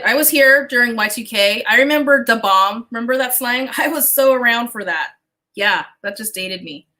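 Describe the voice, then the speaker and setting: Woman, business coach hosting a live stream; bright, sharp tone, chatty, drops casual curses, talks right to the audience. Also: a little high, low-quality recording. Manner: chatty and animated, casual swearing, addresses viewers directly. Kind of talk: casual livestream chat.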